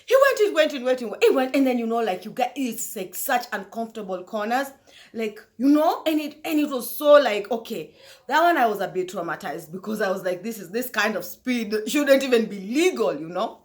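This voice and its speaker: A woman hosting a talk show, telling a story casually to her viewers in an animated way, often laughing. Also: a little high, fairly quick. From Kenya.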